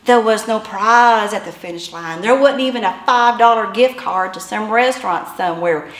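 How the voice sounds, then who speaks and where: A woman telling a personal story in an animated way, building to yelps and shouts. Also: mid-range voice, normal speed, roomy sound.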